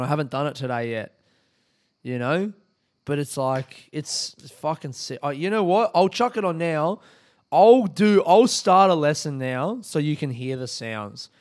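On his own podcast, a man with a mid-range, slightly mellow voice chats casually by himself. He swears a lot and is quick to mock himself.

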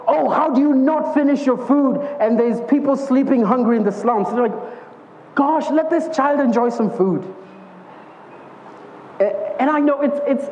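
A man with a strikingly high voice preaches a relaxed, conversational sermon, telling stories earnestly. His voice rings with a long echo through a church hall, and the recording sounds a bit dull and lo-fi. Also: slight background noise. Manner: earnest storytelling with vivid acted-out quotes.

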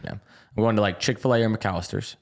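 A man with a low voice talks quickly in relaxed podcast banter. He makes his points with joking emphasis. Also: creaky. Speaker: podcast co-host. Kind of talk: casual chat.

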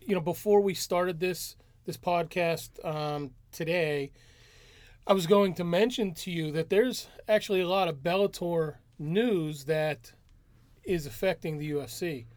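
A man co-hosting a podcast, relaxed and rambling a bit as he explains news. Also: a little high, measured pace, no room sound. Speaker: podcast co-host. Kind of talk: casual podcast chat.

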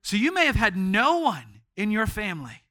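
A man preaching a sermon in a church as pastor, telling stories and swinging from hushed tones to shouts. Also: high-pitched, wildly swooping pitch, normal speed.

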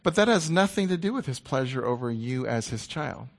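A middle-aged man preaching a sermon in a conversational, playful way, dropping to a hushed voice when he quotes God. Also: medium pitch, animated, a little fast.

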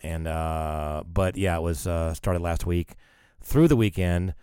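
A man's voice: low voice, slow pace, warm tone, clear, resonant tone, dry recording, clean studio sound. A man on a podcast, recovering from an illness, rambling and correcting himself in casual chat. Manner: rambling, self-correcting, jokey.

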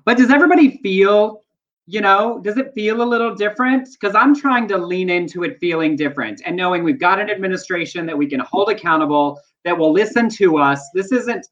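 Animated joking co-host, lo-fi sound. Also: male voice, high voice, brisk. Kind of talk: casual live internet chat.

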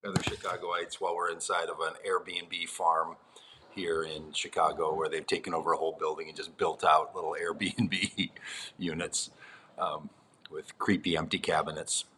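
A man with a very low voice and a bright, forceful edge to his tone. He co-hosts a live-streamed podcast in loose, joking chat, teasing his partner as he wraps up the show. He talks from inside a rented apartment unit. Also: little pitch movement, moderate pace, slight background noise. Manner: joking, teasing wrap-up banter. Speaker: podcast co-host.

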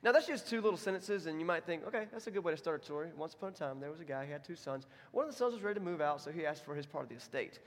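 Guy preaching a sermon, chatty and self-deprecating, kinda high voice, echoey church hall. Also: animated, racing, few pauses. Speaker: pastor.

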